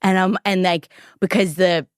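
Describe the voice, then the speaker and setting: A woman's voice: on the low side, steady tone, normal speed, clear, resonant tone, dry recording, clean studio sound. An Australian woman hosting a podcast, telling a story in a chatty way with plenty of fillers. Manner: chatty, lots of likes and ums. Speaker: podcast host. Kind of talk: conversational storytelling.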